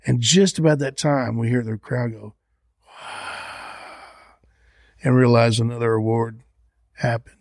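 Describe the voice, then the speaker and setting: A middle-aged man with a drawl spins a lively backstage anecdote for a podcast host. He slips into the voices of the people he quotes. His voice is mid-pitched and recorded dry, close to the mic. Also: unhurried, pauses often, no echo. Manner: animated anecdote-telling, acting out quoted voices. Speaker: songwriter guest. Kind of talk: storytelling in a podcast interview.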